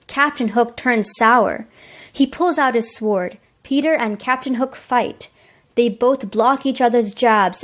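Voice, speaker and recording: A teenage girl reading plain storybook narration for a school play. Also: a little high. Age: teens.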